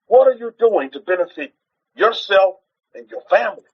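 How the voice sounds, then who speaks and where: Expressive and slightly breathy, a man's high voice comes through a muffled recording at a normal pace. He exhorts his livestream listeners in a casual teaching manner, repeats rhetorical questions, and keeps restarting what he's saying.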